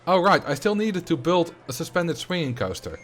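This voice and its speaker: A man's voice: on the high side, very animated, moderate pace, faint music behind. A man with a Dutch accent chatting casually as a streamer while playing a game, rambling and answering viewer questions.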